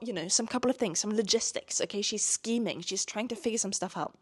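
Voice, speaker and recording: A woman's voice: medium pitch, a little fast, few pauses, husky. A young woman reading a novel aloud on her own show. She keeps stopping to add chatty, sarcastic commentary, with casual swearing thrown in.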